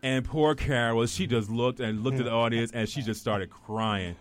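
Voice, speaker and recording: A man's voice: mid-range voice, moderate pace. A middle-aged man with a West Indian accent, an actor chatting as a guest and telling rambling stories full of restarts. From West Indies. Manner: rambling storyteller with many restarts. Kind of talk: casual chat.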